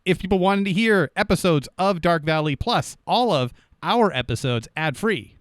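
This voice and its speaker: A man's voice: sits high, animated, normal speed, no echo, studio quality. A man co-hosting a podcast, bantering in a playful, upbeat and jokey way. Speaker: podcast co-host.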